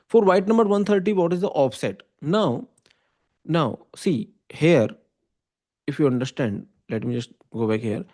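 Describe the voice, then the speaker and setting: A man with an Indian English accent teaches an online class. His voice sits a little high and has a mellow tone. He works through each step slowly and keeps checking that the listener follows. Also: expressive. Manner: explains step by step, often checking with "okay?" and "right?". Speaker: computer science teacher. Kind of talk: online lecture.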